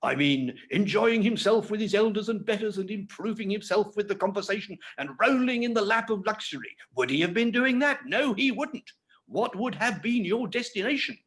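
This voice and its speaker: A self-righteous older uncle holds forth at a dinner table in a dramatic storybook reading, as a man puts him on. His voice booms and climbs high in dramatic rises. He speaks with pompous, lecturing emphasis. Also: animated, normal speed, fairly bright tone. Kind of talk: dramatic reading of classic fiction.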